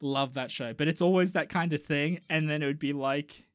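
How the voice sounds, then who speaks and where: A man co-hosting a podcast in casual chat, excitable and rambling, swearing freely. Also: fairly high pitch, moderate pace, no echo, studio quality. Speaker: podcast co-host.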